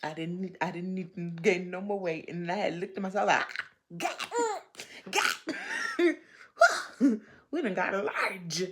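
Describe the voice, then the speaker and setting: A woman vlogger talking casually to her viewers into a handheld microphone, rambling and playful, often talking low and sultry. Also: steady tone, normal speed. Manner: playful, rambling, breaks into laughs and sung lines; talks low and sultry at times.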